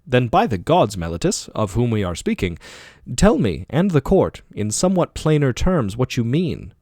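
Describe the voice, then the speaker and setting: A man's voice: medium pitch, wildly swooping pitch, normal speed, a little mellow, no echo, clean studio sound. A man reading the part of an aging male philosopher defending himself in court, with probing, rhetorical questioning. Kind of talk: audiobook dialogue reading.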